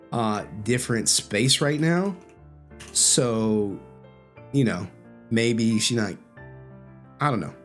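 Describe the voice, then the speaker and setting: A man streaming from home, giving blunt, profane commentary on an interview clip. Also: medium pitch. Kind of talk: casual commentary. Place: home, late at night.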